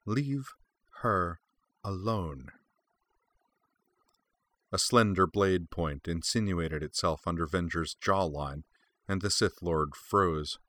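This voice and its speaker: A man narrates a story aloud in a steady, measured way. His voice sits very low yet comes across forceful and bright. The sound is dry and close. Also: no room sound. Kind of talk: fan fiction read aloud.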